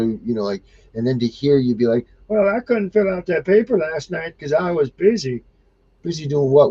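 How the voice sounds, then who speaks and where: A man's voice: lowish voice, warm tone, breathy edge, lo-fi sound. A man co-hosting a podcast, talking bluntly in a ranting, casual way. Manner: blunt, ranting, mocks others in put-on voices. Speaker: podcast co-host.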